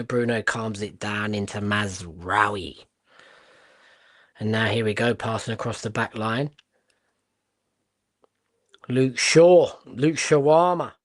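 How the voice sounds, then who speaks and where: A man from Portugal who speaks streams a live football watchalong. His voice sits at an ordinary middle pitch. He is blunt and excitable, firing off sudden exclamations and the odd swear word. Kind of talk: live match watchalong commentary.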